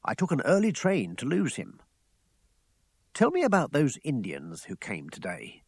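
A man doing a breezy young gentleman. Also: mid-range voice, wildly swooping pitch, unhurried, vocal fry, husky, no room sound, pitched above the performer's own voice, heavily acted. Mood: urgent. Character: cheerful well-off young gentleman, bright and breezy. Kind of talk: audiobook character voice.

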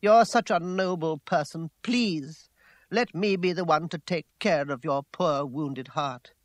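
A smooth-talking gentleman suitor pleads in an earnest, coaxing way, as a male audiobook reader puts him on. His lines are slightly high and sometimes slow. The recording is dry and close. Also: dry recording, close to an everyday voice. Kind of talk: audiobook character voice.

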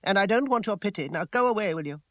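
A man's voice: high voice, animated, quick pace, a bit bright, no echo, pitched above the performer's own voice. A man reading an audiobook voices a proud, troubled young woman whose lines come out raised, emotional and pleading. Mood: distraught. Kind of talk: audiobook character voice.

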